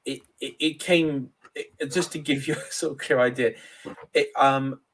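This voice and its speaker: A man's voice: mid-range voice, steady tone, a little slow, a bit bright, a little hiss or hum. Hesitant man with a middle-class English accent. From Cornwall, England. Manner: hesitant, lots of ums and uhs. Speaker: guest. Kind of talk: casual podcast chat.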